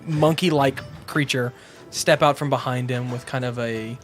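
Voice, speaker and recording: A man's voice: mid-range voice, fairly even intonation, normal speed, soft background music. A man running a tabletop game as game master, narrating casually with lots of ums and restarts. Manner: casual, rambling, many fillers.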